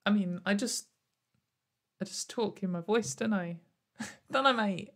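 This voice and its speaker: A woman's voice: mid-range voice, steady tone, takes it slowly. A young woman YouTuber talking sarcastically to camera in a casual commentary, rambling with many fillers and frequent laughs. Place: at home in front of a camera.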